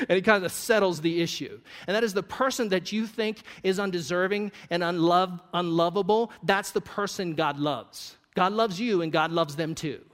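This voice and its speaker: A man's voice: high-pitched, normal speed, hardly any pauses, a bit bright. A man preaching a sermon, conversational and joking with the congregation. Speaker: pastor. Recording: long reverb of a church hall.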